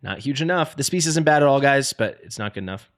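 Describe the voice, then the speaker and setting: A man livestreaming a game, sorting through gear with a joking, exasperated running commentary. His voice sits at a middle pitch but swings widely up and down as he reacts with playful drama. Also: animated, fast. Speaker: game streamer. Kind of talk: live gameplay commentary.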